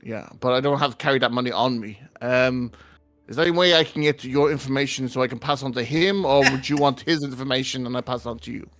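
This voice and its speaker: A man's voice: medium pitch, quick pace, a bit bright, no echo. A man plays his character at a tabletop game, hesitant and full of ums. The sound is dry, with faint music behind him. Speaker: player. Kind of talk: tabletop role-play.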